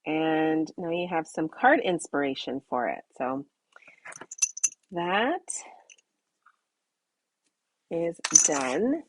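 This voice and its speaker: Chatty woman demonstrating card-making. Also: fairly low pitch. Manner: chatty, upbeat, laughs often. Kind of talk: live crafting demo.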